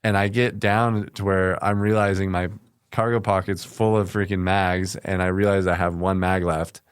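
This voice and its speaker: A man from the United States speaks in a very low, smooth and resonant voice, recounting his combat experience as a podcast guest. His delivery is casual and matter-of-fact. The dry studio recording picks up no room sound. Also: flat delivery, normal speed, no room sound. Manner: plainspoken, matter-of-fact, with brief laughs. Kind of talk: casual storytelling in conversation.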